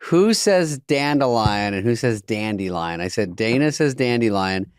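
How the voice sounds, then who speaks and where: A middle-aged man co-hosting a podcast, wry and deadpan, telling stories with quoted exchanges and sound effects. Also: medium pitch, moderate pace, clear, resonant tone, no echo, clean studio sound. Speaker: podcast co-host. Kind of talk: casual comedy chat.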